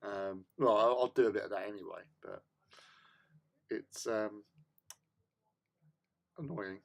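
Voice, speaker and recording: A man's voice: fairly low pitch, slow, gravelly. A man hosting a hobby livestream, chatting casually in a rambling, self-mocking way. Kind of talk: casual chat.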